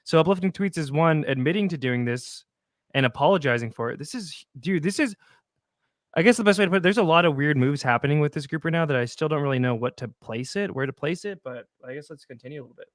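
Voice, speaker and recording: Man, show host, mocking commentary, slightly high voice, dry sound. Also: lively intonation, fast, dry recording. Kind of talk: commentary over clips.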